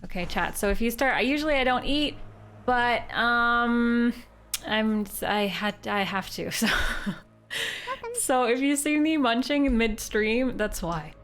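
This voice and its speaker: A woman's voice: on the high side, a little slow. Chatty young woman streaming a game. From Canada. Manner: chatty, giggly, bursts into excited squeals. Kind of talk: live gameplay streaming with chat.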